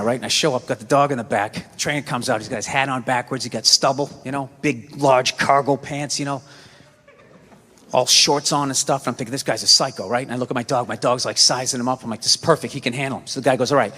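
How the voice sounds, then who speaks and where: A man doing stand-up comedy with a Boston accent, telling stories in a loud, ranting way on a stage. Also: fairly high pitch. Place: comedy stage in a large venue. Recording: live stage recording with hall reverb.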